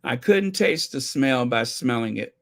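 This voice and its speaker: A man hosting a casual commentary channel, animated and opinionated, reacting to viewer comments. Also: mid-range voice, a little slow. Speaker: channel host.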